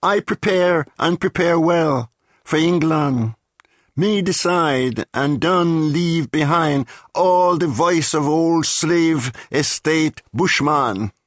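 A man's voice: on the high side, slow, dry recording, clean studio sound. A man doing a proud man rehearsing posh English. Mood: proud, determined. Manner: proud, declamatory, mimics posh phrases. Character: Caribbean man drilling a proper English voice. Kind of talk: dramatic reading.

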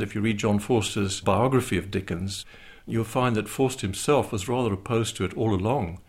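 An older male professor explains thoughtfully, pausing now and then. His low voice is gravelly and husky. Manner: thoughtful, hesitant with fillers. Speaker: retired literature professor. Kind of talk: interview commentary.

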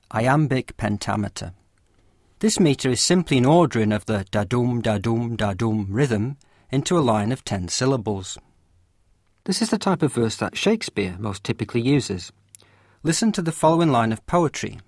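A man giving scripted educational narration as a course lecturer, with a measured and clear explanatory delivery. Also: medium pitch, no echo, studio quality.

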